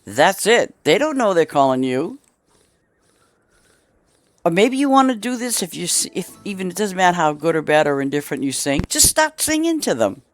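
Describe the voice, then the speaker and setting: A woman's voice: lowish voice, sing-song, moderate pace. A middle-aged woman streaming a game, chatting casually in a rambling way with many restarts and asides.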